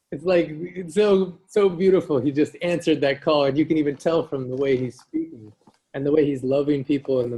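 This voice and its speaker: A man's voice: fairly high pitch, mellow, slightly rough. A man hosting a group video call, effusive and chatty, gushing with praise. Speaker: call host.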